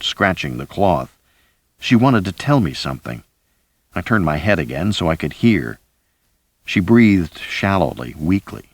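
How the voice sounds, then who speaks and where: A man reading a first-person thriller audiobook in a measured, dramatic way. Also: deep voice, no room sound. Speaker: audiobook narrator.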